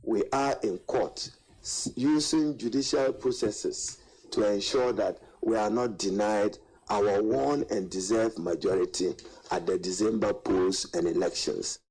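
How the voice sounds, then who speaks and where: A man delivering a formal political statement, deliberate and precise. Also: lowish voice, a little mellow, slightly rough, low-quality recording. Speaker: party official.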